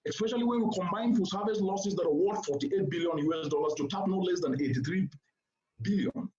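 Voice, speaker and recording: In a roomy, slightly dull recording, a man gives a formal keynote before a seated audience at a conference venue, emphatic and oratorical, repeating points for stress. His voice runs on the high side with a darkish tone.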